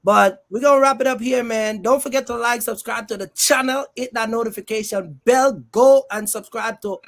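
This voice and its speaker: A man with a high voice hosts a casual livestream for people in trucking. He rambles in a friendly way, teases the guests and reads comments from the chat aloud. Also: normal speed, fairly bright tone. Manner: loose and joking, reads the chat aloud, lots of "man" and "you know". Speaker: host of a trucking business livestream. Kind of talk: casual live-stream chat.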